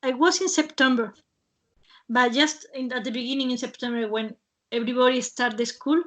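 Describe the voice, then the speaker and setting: A woman hosts a casual online webinar over a video call. Her voice sits fairly high, and her speech comes in halting bits with many fillers and restarts. She laughs often between phrases. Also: a bit bright. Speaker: webinar host.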